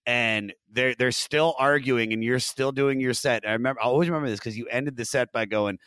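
A man of middle pitch hosts a podcast in a loose, casual chat. His voice sounds dry and close to the mic. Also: fairly quick, a bit bright, clean tone, no echo. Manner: loose, swearing. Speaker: podcast host.

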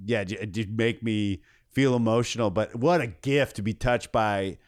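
A man's voice: on the low side, normal speed, no echo, clean studio sound. A man, a comedian guest on a podcast, talking in a rambling, earnest way with many restarts. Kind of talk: casual podcast chat.

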